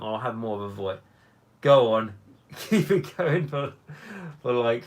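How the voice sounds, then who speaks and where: Young guy on a hobby stream, voice gone hoarse, just rambling and reading the chat. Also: lowish voice. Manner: rambling, reads out chat comments. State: hoarse from talking for hours. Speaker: hobby livestream host. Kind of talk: casual livestream chat.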